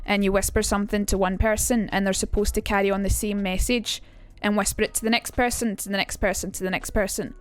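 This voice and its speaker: A woman's voice: medium pitch, level tone, fast talker, hardly any pauses. Chatty sweary Glaswegian woman. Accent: Glaswegian Scottish. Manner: chatty, sweary, reads out chat. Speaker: streamer. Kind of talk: casual live-stream teaching.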